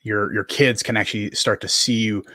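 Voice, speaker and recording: Guy hosting a podcast, low voice, dry close mic, earnest and kinda rambly. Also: fairly even intonation, moderate pace, sharp tone, dry recording. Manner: earnest, many fillers. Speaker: podcast host. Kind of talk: casual conversation.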